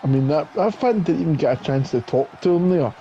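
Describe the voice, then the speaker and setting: Cocky man, lively co-commentator. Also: on the high side, a little fast, dull audio. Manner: cocky, boastful heel banter. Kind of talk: banter over a wrestling video game. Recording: clear background hiss.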